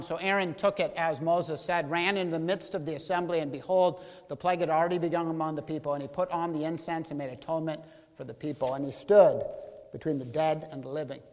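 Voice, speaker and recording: A man preaches from the pulpit in a high, carrying voice. He reads scripture and voices the grumbling people with emphatic swings. His words trail into a long reverb from a church sanctuary. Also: steady tone, brisk, a bit bright. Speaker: pastor. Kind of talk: sermon.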